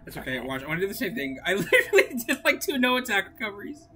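A woman streamer chatting casually while gaming, excitable, laughing often and swinging between moping and yelling. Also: medium pitch, rapid-fire, slight background noise.

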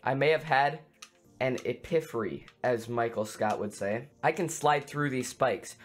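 A man giving excitable let's play commentary on a video game, screaming and making silly sound effects. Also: mid-range voice, unhurried, soft background music. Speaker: gaming YouTuber.

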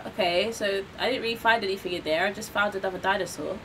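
A young woman giving live commentary on a game she is streaming, talking to herself and her viewers and gasping and shouting when something startles her. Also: medium pitch, fast talker, a little hiss or hum, low-quality recording. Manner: excitable, gasping and shouting at surprises.

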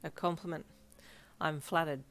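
A woman reading the lines of a dry, monotone male assistant in a fanfiction story. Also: low-pitched, a little fast, vocal fry. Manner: deadpan, monotone.

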